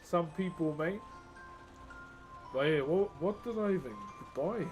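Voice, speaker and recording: Kiwi guy in his 30s chatting on stream, bit high voice, laughs a lot, faint music behind. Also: lively intonation, unhurried, a little mellow. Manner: laid-back, jokey storytelling with frequent laughs. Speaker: live streamer. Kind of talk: casual chat with live chat.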